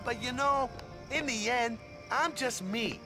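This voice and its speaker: An easygoing, warm-hearted young island father in a game cutscene, with a relaxed, slightly drawling voice pitched high for a man. The game's score sits clearly under his lines. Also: measured pace. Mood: reflective. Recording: game audio with music.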